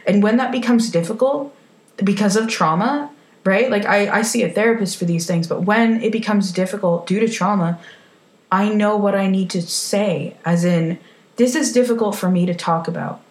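A woman's voice: medium pitch, moderate pace, reverberant. A woman giving a frank, emphatic motivational talk, swearing casually as she speaks. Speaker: self-help speaker.

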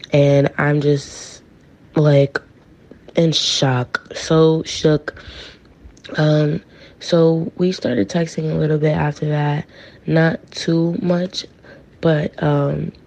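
Gravelly-voiced woman telling a story. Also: deep voice, flat delivery, slow, pauses often, warm tone. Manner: chatty, acts out quoted texts. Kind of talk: casual personal storytelling. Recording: dull lo-fi recording.

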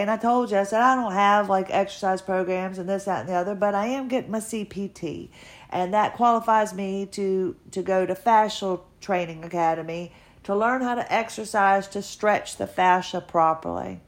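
A woman's voice: mid-range voice, normal speed. A middle-aged woman talking earnestly and emotionally in a casual personal podcast monologue, encouraging her listeners. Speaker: podcaster sharing her health journey.

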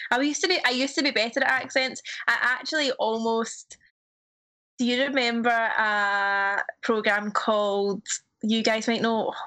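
Young Scottish woman, guest on a casual chat show; slightly high voice, chatty and self-deprecating. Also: a bit bright. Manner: chatty, self-mocking storyteller.

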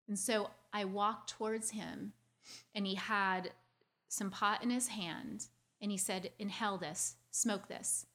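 A woman sharing a painful childhood story with her audience in an earnest, confiding way, talking quickly and restarting her phrases as she speaks. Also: mid-range voice, steady tone, sharp tone. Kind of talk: heartfelt personal storytelling.

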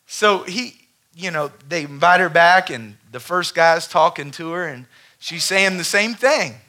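Bright-voiced preaching pastor. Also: male voice, on the high side, animated, unhurried. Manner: impassioned preaching, calls for amen. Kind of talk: sermon with storytelling. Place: church sanctuary before a congregation.

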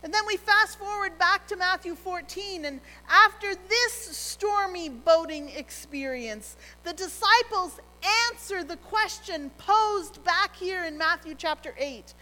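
Woman, pastor, sermon, earnest and gentle, unhurried, reverberant room. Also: very high voice, lively intonation. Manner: earnest, gentle, drops to a near hush on key phrases.

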